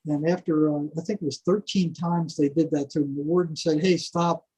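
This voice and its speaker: A husky older man with a slightly high voice, spinning stories as a podcast guest. He talks casually and with energy, doubling up words as he goes and breaking into small chuckles. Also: a little fast, low-quality recording. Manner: animated storyteller who repeats words and chuckles. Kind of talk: casual storytelling.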